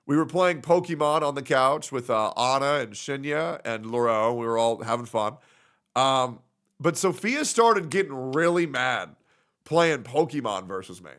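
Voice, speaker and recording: A young man streaming and telling a story to his chat in a loud, animated way, laughing at his own jokes. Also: mid-range voice, measured pace.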